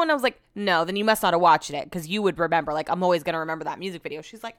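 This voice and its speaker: A woman's voice: mid-range voice, sing-song, rapid-fire, hardly any pauses, a bit bright, dry recording, studio quality. A young woman hosting a casual chat show, telling stories animatedly, swearing freely and acting out what others said. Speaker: podcast host.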